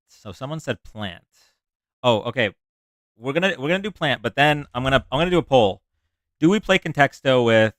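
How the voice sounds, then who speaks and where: A man's voice: medium pitch, fairly bright tone, no echo, clean studio sound. A man hosting a casual livestream, chatting and explaining a word game to his chat with frequent restarts. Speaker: livestream host.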